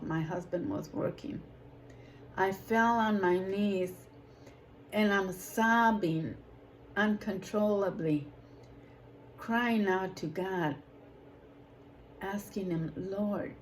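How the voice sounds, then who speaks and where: A woman who leads a ministry, giving a personal testimony in a slow, emotional way that rises to emphatic outbursts. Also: medium pitch, slight background noise, poor audio. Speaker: ministry leader.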